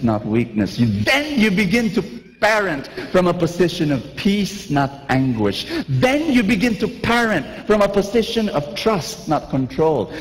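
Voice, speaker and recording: Guy preaching, kinda high voice, long echo like a big church, acts stuff out. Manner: animated, acts out little scenes, asks the crowd questions. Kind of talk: lively sermon.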